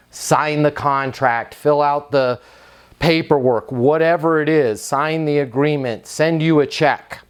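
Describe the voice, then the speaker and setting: A man giving an energetic sales training talk, emphatic and punchy, acting out sample phone calls. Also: on the high side.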